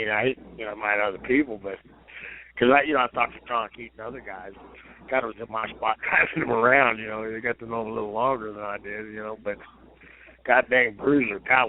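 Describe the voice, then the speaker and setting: A man's voice: medium pitch, a little hiss or hum. A man, a retired pro wrestler, telling rambling, profane stories as a guest on a phone interview. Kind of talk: casual storytelling over the phone. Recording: tinny phone line.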